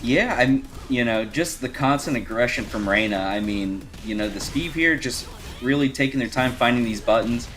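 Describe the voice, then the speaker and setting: A man giving color commentary on a fighting game match, relaxed and rambling, with many fillers. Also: medium pitch, normal speed, slight background noise. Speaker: esports co-commentator.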